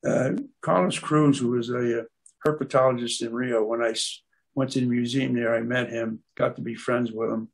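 A man's voice: medium pitch, steady tone, normal speed, creaky, slightly rough. An older man speaking as a guest at an aquarium club, telling rambling stories and often stopping to search for words. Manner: meandering, searches for words with many fillers. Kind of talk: rambling anecdotal storytelling.

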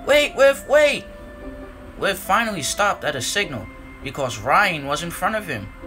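A man narrating a storybook tale and dropping his voice low for the speech tags. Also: very animated, normal speed, pushed and bright, soft background music.

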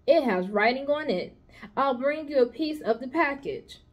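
A grumbling male rat from a storybook, put on by a woman reading aloud. He complains sarcastically about every errand and sounds put upon. The voice swings from high and sharp to gruff and low. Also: lively intonation, normal speed, muffled recording.

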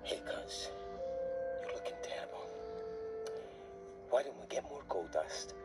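A man's voice: sits high, very animated, unhurried. Man playing a laid-back slangy young conductor. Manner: casual, slangy, sighing. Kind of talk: fan dub voice acting. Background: music.

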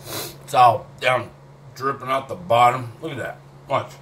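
A vlogger films himself eating hot sauce, talking casually to the camera while his mouth burns and he sweats, with drawling, swearing and groans between bites. His mid-range voice keeps a measured pace and is a bit bright, and some slight background noise comes through.

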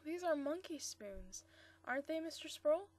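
A woman reading the lines of an excitable young woman about to marry, in a high voice. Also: normal speed. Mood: excited. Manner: eager, exclaiming. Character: eager young bride-to-be, excitable.

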